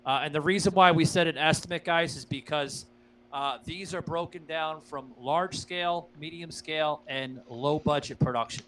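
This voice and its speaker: A man's voice: fairly high pitch, moderate pace, a bit bright, rough recording. Profane, rambling male podcast host. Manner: loose, profane, filler-heavy, keeps addressing listeners as guys. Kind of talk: casual podcast chat.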